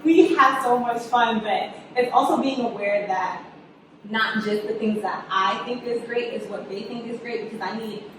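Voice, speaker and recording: Animated woman telling stories, echoey room. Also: fairly high pitch, moderate pace. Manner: animated storyteller, acts out quotes, laughs often. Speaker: guest, writer and director. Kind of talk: casual interview chat. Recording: echoey room, distant mic, background noise.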